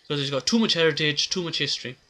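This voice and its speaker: A man's voice: fairly high pitch, very fast, bright, forceful tone. A man giving a casual, rambling recap of a comic chapter, with many filler words. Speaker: manga reviewer.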